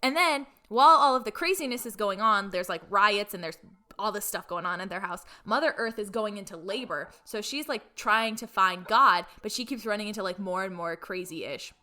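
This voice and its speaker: A woman's voice: mid-range voice, animated, moderate pace, sharp tone. A young woman co-hosting a podcast, retelling a film plot in a chatty way with lots of fillers and acted-out lines. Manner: chatty, filler-heavy, acts out characters' lines. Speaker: podcast co-host.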